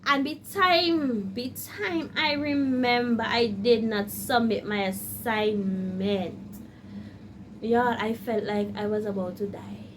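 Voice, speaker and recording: A woman with a high, bright-pitched voice chats animatedly to her viewers. She tells a story from her studies in a casual vlog manner and slips into acted-out quotes of her own panic. Her talk is direct and personal, with a faint hum of ambience behind her. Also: steady tone, slow. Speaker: law student vlogger.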